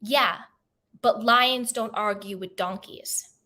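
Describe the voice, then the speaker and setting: A woman's voice: medium pitch, takes it slowly, bright, forceful tone. A woman voicing God as a lofty judge in a spoken parable, in a sing-song, mock-solemn way.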